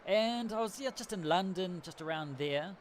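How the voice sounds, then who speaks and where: A man's voice: high-pitched, animated, moderate pace, a little hiss or hum. A man from New Zealand hosting a casual livestream, telling a rambling travel story with frequent laughs. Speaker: livestream host. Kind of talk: casual chat.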